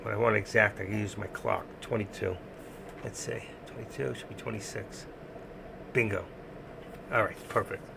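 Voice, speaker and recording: Gravelly New York man, blunt and rambling. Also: lowish voice, normal speed, long pauses, background noise. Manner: blunt, rambling and excitable, laughing often. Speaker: live stream host. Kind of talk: casual live stream chat.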